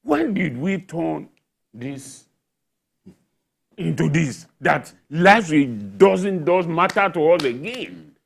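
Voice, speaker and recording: High-voiced guy on a tv news panel, worked up, keeps asking who answers for it. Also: expressive, slow, gravelly, long pauses, breathy edge. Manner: indignant, rhetorical questions, repeated emphasis. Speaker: journalist panelist. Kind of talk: studio panel discussion. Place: television studio.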